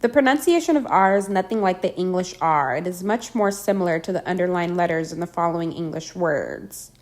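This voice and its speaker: A woman teaching a pronunciation lesson, reading out example words slowly and carefully. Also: fairly low pitch, animated. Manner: slow, careful, spells out sounds and repeats example words. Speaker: language teacher.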